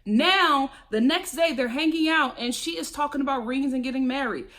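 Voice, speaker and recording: A woman's voice: high voice, normal speed, fairly bright tone. A woman giving casual, gossipy commentary on a reality show, sassy and emphatic, laughing often. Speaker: reality TV recap vlogger.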